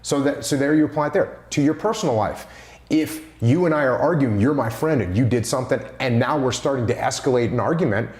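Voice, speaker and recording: A man's voice: medium pitch, brisk, a little mellow. A man talking through ideas on leadership in a casual podcast conversation, with an emphatic manner, hammering on key phrases. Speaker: leadership speaker. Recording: roomy echo.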